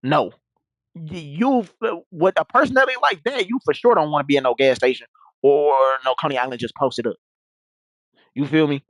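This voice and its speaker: A man's voice: a little high, normal speed, no room sound, rough recording. A young man telling a story in casual, rambling talk, full of slang and repeated restarts.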